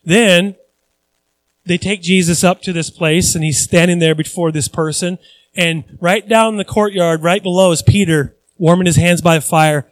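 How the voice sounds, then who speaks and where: High-voiced male pastor preaching conversationally. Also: fairly even intonation, moderate pace, no room sound, low-quality recording. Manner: conversational preaching with repeated phrases for emphasis; acts out voices of people he quotes. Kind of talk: sermon.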